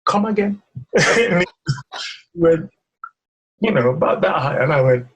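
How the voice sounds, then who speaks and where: A man, a firefighter guest, telling a story in an animated way, laughing often and acting out what others said. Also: fairly high pitch, measured pace, breathy edge. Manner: laughs often, acts out quotes, stammers.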